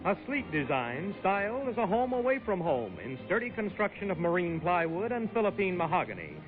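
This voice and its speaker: A man announcing a game show prize in a showy, salesman-like scripted read. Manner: showy, salesman-like product pitch. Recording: tinny 1960s broadcast with music behind.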